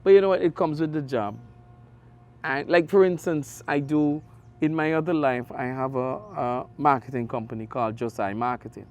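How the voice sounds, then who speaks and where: A middle-aged man with an Antiguan accent, a radio sports host telling stories in an interview, animated with big jumps in his voice. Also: a little high, moderate pace. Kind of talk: conversational interview storytelling.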